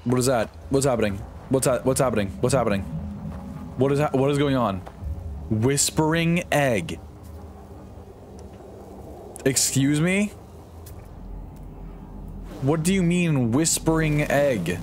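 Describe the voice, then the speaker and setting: Excitable swearing male game streamer. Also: measured pace, long pauses, background noise. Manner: excitable, swearing, jumps into high-pitched yelps. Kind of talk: live gameplay commentary. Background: game music.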